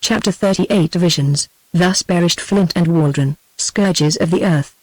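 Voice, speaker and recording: A text-to-speech woman's voice with a British English accent, narrating an audiobook in an even, steady way. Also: lowish voice, measured pace, no room sound, rough recording. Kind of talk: scripted narration.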